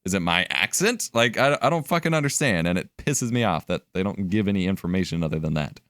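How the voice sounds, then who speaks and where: A man's voice: low voice, animated, fast, a bit bright, no echo, studio quality. A young man chatting casually while editing on a live stream, thinking aloud and swearing now and then. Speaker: livestreamer editing video.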